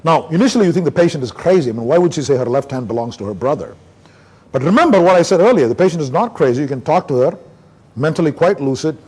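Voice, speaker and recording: He's from India, with a slightly high, somewhat rough voice, and he talks fast. In his neurology conference lecture, he brings case stories to life by acting out what he and his patients said.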